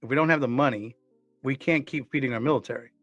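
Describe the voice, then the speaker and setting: A man's voice: mid-range voice, fast talker, a bit bright, no room sound, dull audio, soft background music. A man co-hosting a casual talk show, speaking earnestly and often repeating words as he restarts his sentences. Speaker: co-host. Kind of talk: casual conversational commentary.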